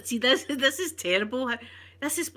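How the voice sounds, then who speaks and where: A Scottish woman telling a childhood story in chatty, animated ASMR style, often laughing. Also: sits high, normal speed.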